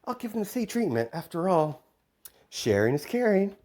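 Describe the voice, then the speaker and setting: A man's voice: sits high, sing-song, normal speed, darkish tone, voice pushed up. A smug young antihero with a raised, bouncy voice that swings up and down, mock-polite and gleefully menacing, as a man puts him on for a fan story. He sounds pleased with himself.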